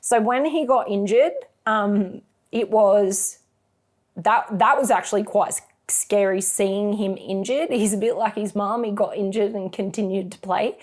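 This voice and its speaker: A woman's voice: medium pitch, a little slow. A middle-aged woman with an Australian accent, a mother expressively recounting memories in an interview.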